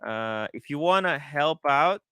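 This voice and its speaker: A man hosting a casual livestream, excitable and talking in bursts, often repeating himself. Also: on the high side, a little slow, clear, resonant tone, no echo. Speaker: livestream host.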